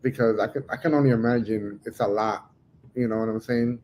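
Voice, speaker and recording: A man's voice: medium pitch, steady tone, fairly quick, darkish tone, a little hiss or hum, poor audio. A man interviewing a guest, asking long, rambling, searching questions in a casual way.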